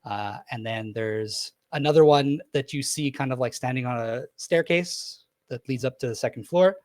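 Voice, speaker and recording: A man's voice: medium pitch, normal speed, dry recording. A man narrating a tabletop game as game master, rambling with lots of "like" and "um".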